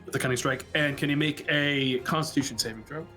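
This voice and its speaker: Bright-voiced man playing a tabletop game. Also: mid-range voice, fast talker, faint music behind. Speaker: player. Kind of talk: casual tabletop play.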